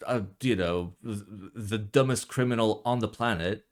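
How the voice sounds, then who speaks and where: A jet-lagged young man reviews keyboards in a casual vlog rant at a moderate pace. He curses and rambles, his volume jumping from low mutters to loud outbursts.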